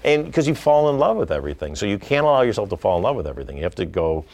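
A middle-aged man talks shop about directing, with a slightly low voice that swings widely up and down as he acts out what people said. His talk is loose and conversational, full of quick asides. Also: vocal fry. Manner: animated storytelling, acting out quotes. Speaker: film director. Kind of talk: conversational interview.

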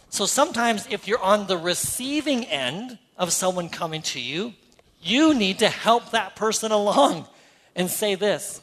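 A man's voice: high voice, animated, unhurried, a bit bright. A middle-aged Canadian man preaching a sermon, earnest and conversational with playful asides. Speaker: pastor. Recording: hall reverb.

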